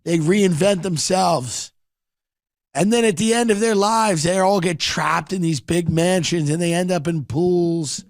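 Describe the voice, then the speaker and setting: A man hosting a podcast, riffing in a sardonic, rambling comedic monologue with quick asides. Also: high-pitched, no echo, clean studio sound. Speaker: podcast host.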